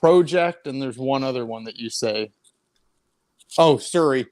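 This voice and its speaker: A man's voice: medium pitch, a little slow, a little mellow. An American man chatting as a guest on a casual livestream, laughing easily.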